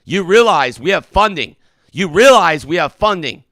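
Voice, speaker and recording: A man's voice: high-pitched, animated, moderate pace, a bit bright, no room sound, studio quality. A man hosting a comedic mock call-in hotline, indignant, preachy and exasperated with his callers. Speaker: call-in show host.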